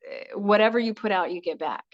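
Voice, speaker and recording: A woman's voice: medium pitch, fast talker, no room sound. Earnest rambling woman, dull dry sound. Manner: earnest, rambling, with many restarts and fillers. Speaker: life coach guest. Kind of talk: casual interview chat.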